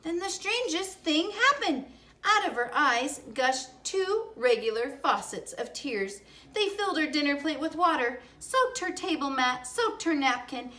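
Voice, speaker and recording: A woman reading a children's chapter book aloud to kids, expressive and animated. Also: high-pitched, a little slow. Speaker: storyteller for children.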